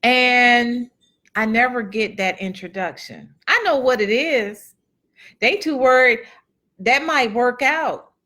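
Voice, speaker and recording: Earnest, slow-talking woman motivational speaker. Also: on the high side, pushed and bright. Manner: earnest and chatty, repeats phrases for emphasis, reads out viewer comments. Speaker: motivational speaker and event host. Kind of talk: casual motivational talk to a live online audience.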